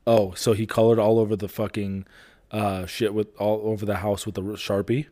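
A man's voice: fairly low pitch, flat delivery, a little fast, dark tone. A man chatting casually about his young kids, laid back and laughing often, with casual swearing.

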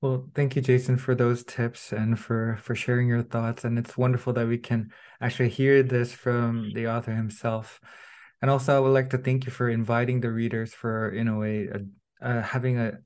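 A man hosting a podcast interview, speaking in a measured, formal and polite way. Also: medium pitch, little pitch movement, a little mellow. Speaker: podcast host.

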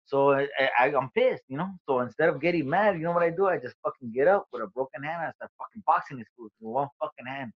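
A man tells his story in a casual interview, swearing often and stumbling through fillers and restarts. His voice sits at a middle pitch, and the recording sounds dull and lo-fi. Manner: profane, halting, with many fillers. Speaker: guest.

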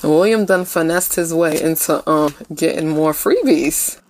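A woman's voice: deep voice, measured pace, a little mellow. A woman co-hosting a casual recap chat, sassy and blunt. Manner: sassy, blunt, laughing asides. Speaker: podcast co-host.

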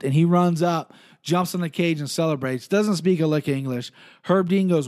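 A man's voice: on the high side, moderate pace, darkish tone. Profane rambling man hosting a podcast. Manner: rambling, profane, self-correcting. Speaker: podcast host. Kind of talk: solo casual podcast talk.

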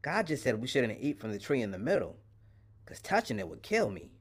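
A man's voice: mid-range voice, big pitch swings, a little fast, voice pushed up. A man voicing the first woman in the garden, answering plainly and earnestly.

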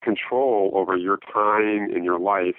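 Interview guest: man on a phone line, lowish voice, halting and full of fillers. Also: steady tone, no room sound. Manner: halting, many fillers and restarts. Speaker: interview guest, note investor. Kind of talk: casual interview talk.

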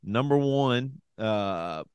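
A man's voice: mid-range voice, lively intonation, extremely slow, a little mellow, smooth, dry recording. A man co-hosting a podcast, joking and reading out listener requests in casual banter. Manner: joking, laughs often. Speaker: podcast co-host.

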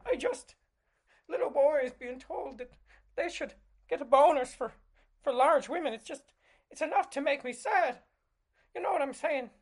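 A man doing a comedic impression of a self-serious male pundit, halting and tearful. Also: very high-pitched, pitched above the performer's own voice. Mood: weepy. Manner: halting, choked-up and pleading.

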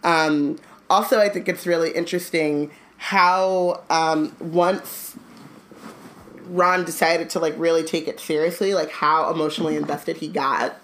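A woman's voice: low voice, steady tone, measured pace, fairly bright tone, rough recording. A woman discussing a book in a thoughtful, casual way, full of likes and ums. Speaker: podcast co-host.

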